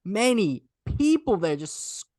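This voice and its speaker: A man's voice: sits high, big pitch swings, takes it slowly, a little mellow, dry recording, studio quality. A young man co-hosting a casual podcast, rambling with lots of "I mean" and "literally". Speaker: podcast co-host. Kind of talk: casual chat.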